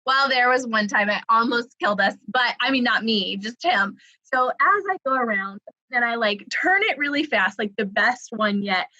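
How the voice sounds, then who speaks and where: A young woman from the South tells a personal story in a loose, chatty way, peppering it with "like" and breaking into laughter. Her voice sits a little high and sounds bright and forward. The recording is close and dry, with no room sound. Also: lively intonation, normal speed, no room sound, highs cut off. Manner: chatty, lots of "like", laughs while telling. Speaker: creative writing coordinator. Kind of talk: casual storytelling.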